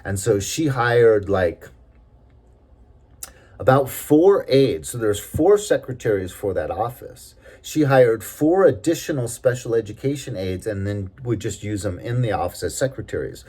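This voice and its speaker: A man with a somewhat low voice tells a personal story in a loose, conversational way. He rambles, pauses on fillers, and sounds openly indignant. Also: expressive, darkish tone, breathy edge. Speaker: storyteller recounting a workplace experience.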